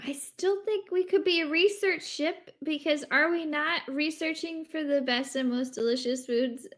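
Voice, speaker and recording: A woman's voice: high-pitched, normal speed, fairly bright tone. A woman chatting casually as a tabletop game player, playful, with giggly asides. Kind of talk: casual chat.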